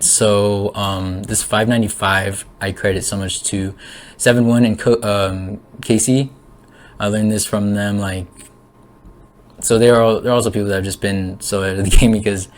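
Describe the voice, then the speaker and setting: A young man talking through his theories in an excited, rambling monologue, full of restarts, swearing and sudden rises in his voice. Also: on the low side, a little hiss or hum. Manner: emotional, voice jumps up. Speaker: conspiracy vlogger.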